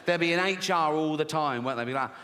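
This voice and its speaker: A man's voice: fairly high pitch, quick pace, pushed and bright, a little hiss or hum. A man performing a profane, mocking stand-up comedy routine on a live stage. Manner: profane, mocking, acts out characters' voices. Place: live theatre stage with audience. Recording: reverberant venue with faint ambience.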